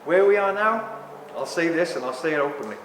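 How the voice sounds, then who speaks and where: A man in his sixties talking to a live audience in a rambling, animated way, often apologizing for ranting. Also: on the high side, brisk, slight background noise. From England. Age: 60s. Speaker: speaker at a talk. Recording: echoey hall with long reverb.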